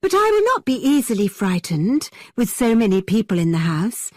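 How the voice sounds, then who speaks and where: A woman voicing an excitable, nervous young woman with a high, trembling voice. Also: normal speed, no room sound, clean studio sound. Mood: eager.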